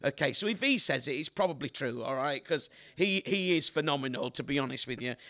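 A man's voice: mid-range voice, lively intonation, a little fast, bright, forceful tone. A man in his fifties preaching a sermon as an evangelist, emphatic and full of rhetorical questions to the congregation.

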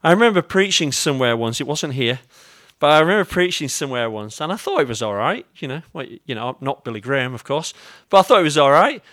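A man's voice: a little high, very animated, fast, few pauses, a bit bright, dry recording, studio quality. A man with an English accent preaching a sermon as pastor. He tells stories with self-mocking humour and talks directly to his congregation.

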